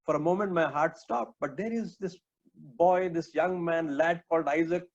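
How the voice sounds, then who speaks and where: Earnest preacher, slightly high voice. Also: male voice, normal speed, darkish tone. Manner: earnest, addresses listeners as my friends, frequent uh fillers. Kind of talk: sermon. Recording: dull lo-fi recording.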